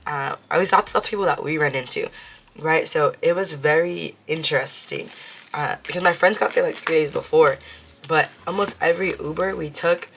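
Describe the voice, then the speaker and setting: Speaking low and at a moderate pace with some vocal fry, a young woman counts cash aloud for a budgeting vlog. Her talk is chatty and relaxed, sprinkled with Spanish phrases.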